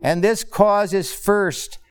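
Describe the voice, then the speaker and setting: Male pastor, sermon, higher register, slow and measured, repeats key lines. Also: clear, resonant tone.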